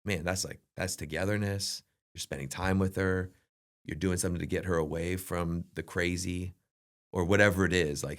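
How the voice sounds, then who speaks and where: Brief: middle-aged man, deep gravelly voice, earnest advice-giver in a relaxed leadership chat. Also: moderate pace. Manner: earnest, advice-giving, acts out family dialogue. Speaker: podcast co-host.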